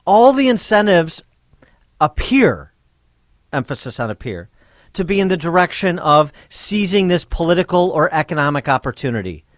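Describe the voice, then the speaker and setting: A man hosting a talk radio show, arguing a point with halting restarts that build into pointed questions. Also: a little high, big pitch swings, no echo, clean studio sound. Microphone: studio microphone.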